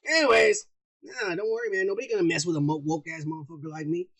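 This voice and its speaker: Gravelly, loud, crude-talking man. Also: high-pitched, fairly even intonation, fast. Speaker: podcast host. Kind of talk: profane casual banter.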